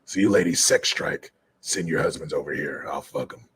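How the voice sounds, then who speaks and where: Man doing a raspy sleazy politician. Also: normal speed, fairly bright tone, slight background noise. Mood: smug mocking. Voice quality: raspy, low and drawling. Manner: smug, mocking, lazy delivery. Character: sleazy raspy middle-aged male politician.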